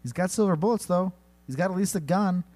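A man co-hosting a comedy podcast, narrating a silly battle with lively delivery and sudden high-pitched character voices. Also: fast. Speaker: podcast co-host. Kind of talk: comedic storytelling banter.

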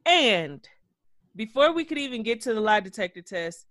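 A man co-hosting a podcast, recapping reality TV in an animated, gossipy way with plenty of cursing. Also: sits high, normal speed, no echo, studio quality. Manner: animated, gossipy, profane storytelling. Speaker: podcast co-host. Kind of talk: casual reality-TV recap chat.

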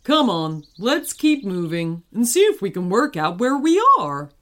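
A woman's voice: medium pitch, very animated, unhurried, fairly bright tone. A woman voicing a grown-up dad who speaks in a wry, complaining way. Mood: puzzled.

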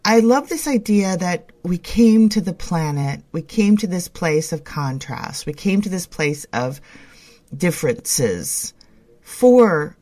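A woman's voice: on the low side, expressive, slow pace, mellow. A woman co-hosting a spiritual internet radio show, chatting in a bubbly, gushing way and laughing often. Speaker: podcast co-host. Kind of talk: casual spiritual chat.

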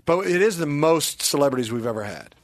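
A man's voice: a little high, animated, brisk. A man hosting a podcast, bantering casually and reading an ad in a jokey, playful way. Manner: jokey, playful, breaks into mock shouting. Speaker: podcast host.

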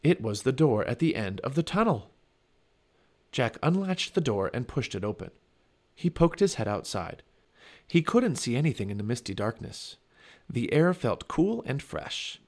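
A man's voice: mid-range voice, moderate pace. A man reading a children's chapter book aloud for a family podcast, telling it expressively. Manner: expressive storytelling.

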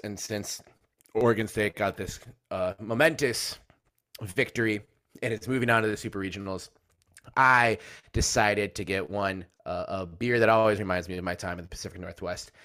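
A man's voice: lowish voice, fairly even intonation, normal speed, a bit bright. A man co-hosting a sports podcast, joking around, laughing often and swearing freely. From United States. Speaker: podcast co-host. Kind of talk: casual sports podcast banter.

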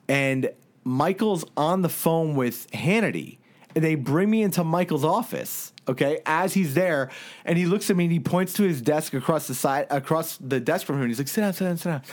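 A man co-hosting a podcast, telling a rambling anecdote with lots of fillers and laughs in a casual chat. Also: fairly high pitch. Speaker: podcast co-host.

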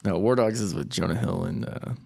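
A man with a gravelly, fry-heavy voice wisecracks on a casual movie podcast. His humor runs crude and playful. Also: on the low side, a little fast, a little mellow. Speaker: podcast co-host. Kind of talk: casual movie review chat.

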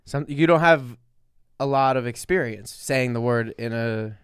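A man's voice: mid-range voice, a little slow, smooth, dry recording, studio quality. A man in his thirties co-hosting a casual chat, easygoing and laughing along. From New Jersey. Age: 30s. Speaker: podcast co-host.

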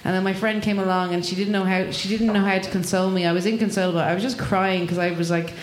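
A woman's voice: lowish voice, steady tone, quick pace. An Irish woman telling a rambling, swearing comic story at a live show, laughing as she goes. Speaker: comedian guest. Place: live venue with audience. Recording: echoey room, noisy live recording.

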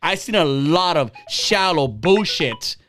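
A man's voice: on the high side, expressive, slow, a bit bright, soft background music. Profane, heated man in his forties. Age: 40s. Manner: blunt, profane, heated ranting. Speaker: podcast host. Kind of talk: casual ranting podcast talk.

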